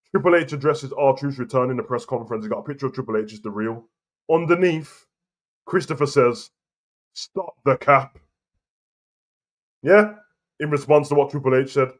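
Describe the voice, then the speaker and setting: A man, hosting a casual wrestling opinion show and arguing his point heatedly and repetitively. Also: mid-range voice. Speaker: wrestling commentary host. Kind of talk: casual opinion rant to camera.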